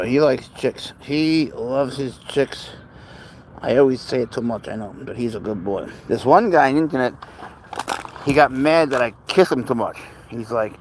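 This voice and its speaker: A man's voice: medium pitch, a little hiss or hum, rough recording. Easygoing man live-streaming outdoors. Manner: rambling, easygoing, baby-talks to his cat. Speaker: livestream host with his pet cat. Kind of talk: casual live-stream chat, answering viewers. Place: outdoors on a walk near a road.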